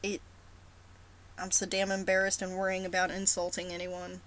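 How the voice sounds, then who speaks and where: A woman's voice: on the low side, monotone, normal speed, a bit bright, rough recording. A woman with a sore throat talking casually to her followers in a rambling, self-deprecating way. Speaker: roleplay blogger. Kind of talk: casual vlog talk.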